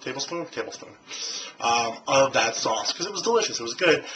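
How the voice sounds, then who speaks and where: The camcorder recording is low-quality with slight background noise, catching a man's medium-pitched, expressive, fairly bright voice at a fairly quick pace. He's vlogging in a casual, rambling way, packed with fillers and restarts.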